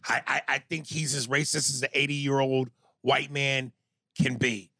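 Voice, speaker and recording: Gravelly-voiced man co-hosting a podcast. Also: medium pitch, moderate pace, no echo, clean studio sound. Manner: animated storyteller, acts out quotes loudly. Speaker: podcast co-host. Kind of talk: casual podcast discussion.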